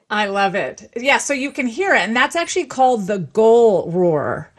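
A woman's voice: on the high side, sing-song, measured pace, slight background noise. A woman linguist, a guest expert, explaining eagerly in an interview and laughing often. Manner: enthusiastic, lecturing, laughs often.

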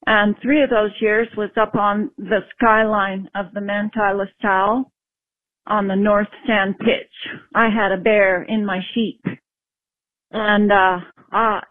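A woman caller recounting an encounter over the phone in an unhurried, plainspoken way. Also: medium pitch, no echo. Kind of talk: phoned-in storytelling. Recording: tinny phone line.

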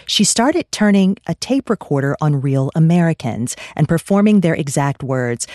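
A woman's voice: deep voice, darkish tone, dry recording. Female interview host, scripted intros, dry booth. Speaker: radio host. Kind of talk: radio interview hosting.

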